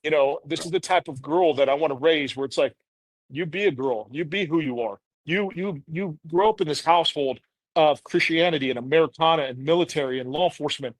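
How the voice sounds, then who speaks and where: A man's voice: a little high, brisk, no room sound. Earnest man telling his story, dry sound. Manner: earnest, rambling, many fillers like "you know". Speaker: podcast guest. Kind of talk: candid personal storytelling.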